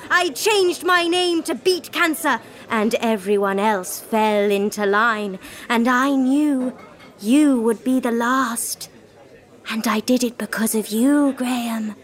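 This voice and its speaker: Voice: medium pitch, slow pace, a bit bright. A performer voicing a pompous man who gloats over his revenge, speaking in an affected, theatrical villain manner in a comedy sketch. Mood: gloating. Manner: camp villain gloating with cackling laughs. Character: pompous vengeful man, former school victim, now a gloating schemer.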